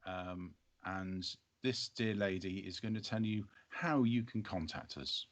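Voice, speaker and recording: A man hosting a gaming podcast, relaxed and steering the conversation. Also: low-pitched, a little slow. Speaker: podcast host. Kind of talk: casual podcast chat.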